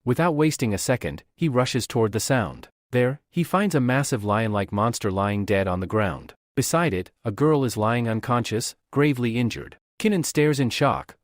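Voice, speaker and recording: A man reading out a comic recap as scripted story narration, in a steady storytelling voice. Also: mid-range voice, moderate pace, hardly any pauses, dry recording, studio quality.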